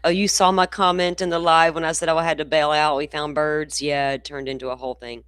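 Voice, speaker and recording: A woman's voice: low-pitched, flat delivery, quick pace, fairly bright tone, clean tone, no room sound. A grandmother chatting folksily with her livestream viewers from home. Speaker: true crime channel host. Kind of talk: casual livestream chat. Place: indoors at home in the country.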